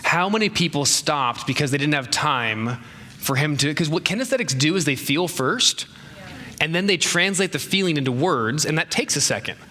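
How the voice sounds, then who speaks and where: A middle-aged man teaching speaking skills to a live seminar audience, animated and acting out little exchanges in raised voices. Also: on the high side, normal speed. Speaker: speaking coach.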